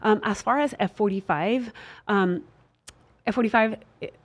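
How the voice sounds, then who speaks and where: A woman's voice: medium pitch, moderate pace. A woman who is a dancer, answering interview questions earnestly, with many restarts and filler words. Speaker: dancer and fitness guest. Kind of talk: casual interview.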